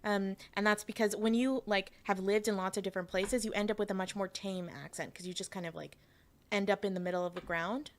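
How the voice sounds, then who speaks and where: In her casual livestream, the Canadian VTuber reads chat out loud and responds with frank, profane remarks. Her mid-range voice stays steady and fairly quick, with slight background noise present.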